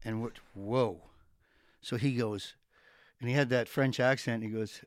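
A man's voice: medium pitch, fairly quick, fairly bright tone, no room sound. Middle-aged man telling rambling stories. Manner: rambling storyteller who laughs often. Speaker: retired hockey coach, guest. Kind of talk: casual podcast interview.

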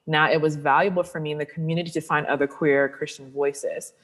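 This sexuality coach talks openly as a guest in an interview, her voice sitting low with a breathy edge and a fairly quick pace. She brings stories to life by animatedly performing the voices of those she quotes.

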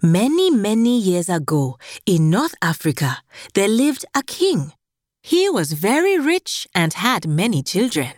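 Animated woman telling children's stories. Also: mid-range voice, a little slow, dry recording. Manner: animated, sing-song, exclamatory. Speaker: children's storyteller host. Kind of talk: storybook narration for children.

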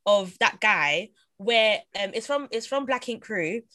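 A woman's voice: mid-range voice, lively intonation, measured pace, pushed and bright. A young woman, co-hosting a casual podcast chat, acting out quotes and laughing often. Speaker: podcast co-host.

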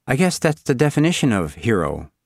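A man's voice: medium pitch, sing-song, brisk, a little mellow, no echo, studio quality, pitched above the performer's own voice. A man voicing an earnest, anxious young girl who speaks formally and eagerly to please.

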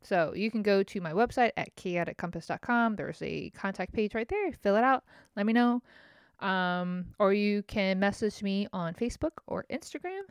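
A woman's voice: medium pitch, expressive, moderate pace, clear, resonant tone, no echo, clean studio sound. Chatty rambling woman podcast host. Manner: rambling, chatty, self-mocking. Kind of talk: casual chat.

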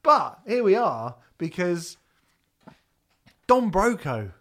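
A man co-hosting a podcast in casual chat, animated and sweary, breaking into bits of song. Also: high-pitched, takes it slowly. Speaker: podcast co-host.

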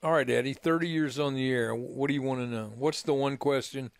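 A man's voice: medium pitch, steady tone, a little fast, creaky, no room sound. An older man hosting a sports radio show, telling long rambling anecdotes with many restarts and "right?" tags. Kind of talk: casual radio storytelling. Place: radio studio.

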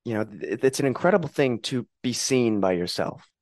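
A man speaking calmly and earnestly in a reflective conversation, sometimes acting out inner voices. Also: medium pitch, fairly quick, no room sound, studio quality. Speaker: podcast guest.

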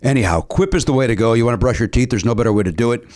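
A man's voice: mid-range voice, very fast, a little mellow. A man co-hosting a podcast, reading a sponsor ad in casual, jokey chat with many restarts. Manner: stammering, playful, jokey.

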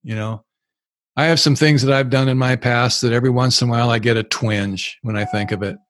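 A man's voice: mid-range voice, fairly even intonation, a little fast, a bit bright, no room sound, clean studio sound. An older man speaking as a recovery speaker and sponsor, telling stories frankly and plainly during a live Q and A talk. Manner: frank, plain-spoken storytelling. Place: live event.

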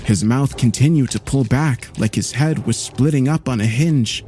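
A man narrating a horror story in a slow, grave storytelling manner. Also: mid-range voice, mellow, slight background noise.

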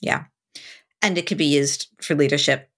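A woman in her forties, a podcast guest, telling a candid story and acting out her own past thoughts with big swings in her voice. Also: normal speed. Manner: animated, acts out her own past thoughts with big pitch leaps and swearing.

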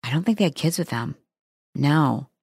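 A middle-aged woman hosting a podcast, telling a story in a chatty, animated way with lots of fillers. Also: low voice, normal speed, vocal fry, slightly rough, dry recording, studio quality. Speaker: podcast host. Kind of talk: casual podcast monologue.

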